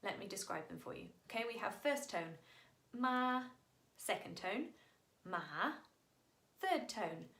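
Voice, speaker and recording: A woman's voice: mid-range voice, lively intonation, fairly quick, vocal fry, hardly any pauses, echoey room. A woman singer patiently explaining song lyrics to viewers, in an upbeat manner, sounding out Mandarin tones as she goes.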